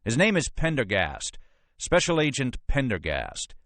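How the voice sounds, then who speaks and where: A man voicing a blustering, suspicious police captain who talks in a gruff, pushy way, in a storybook reading. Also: medium pitch, huge pitch swings, a little slow, a bit bright, no room sound, voice pushed up, heavily acted. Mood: bossy. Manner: gruff, pushy, rhetorical questions.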